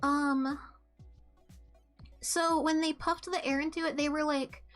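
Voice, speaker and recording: Young woman streamer, high voice, rambly and coughy, bit of music playing under her. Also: fairly even intonation, takes it slowly. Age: young adult. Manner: rambling, full of ums and restarts. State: coughing, throat full of mucus. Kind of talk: casual chat.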